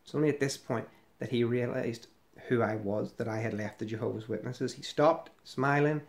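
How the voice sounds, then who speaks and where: Man, middle-aged, mid-pitched voice, sarcastic, rambling commentary. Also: moderate pace, creaky. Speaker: ex-member commentator. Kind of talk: casual commentary on a website.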